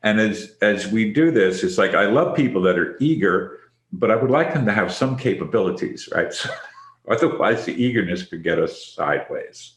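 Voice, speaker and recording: A man's voice: lowish voice, lively intonation, normal speed. A man hosting a leadership podcast, reflecting on the topic and inviting each guest in by name. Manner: reflective, affirming, asks others by name. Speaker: podcast host, leadership facilitator. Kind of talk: conversational discussion. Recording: roomy echo.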